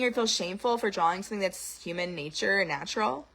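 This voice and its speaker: A young woman ranting in an outspoken, animated monologue to camera. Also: mid-range voice, fast, gravelly. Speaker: vlogger.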